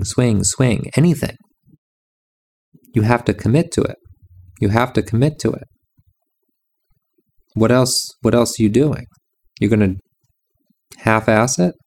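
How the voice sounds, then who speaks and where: Gravelly, dark-voiced man teaching intently. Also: on the low side, slight background noise. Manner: insistent, repetitive phrasing. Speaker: music and meditation teacher. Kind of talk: reflective monologue.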